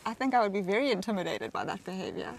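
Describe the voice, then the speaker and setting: A woman's voice: medium pitch, creaky. A woman presenting a live safari broadcast, chatting easily and reading out viewer comments with a laugh.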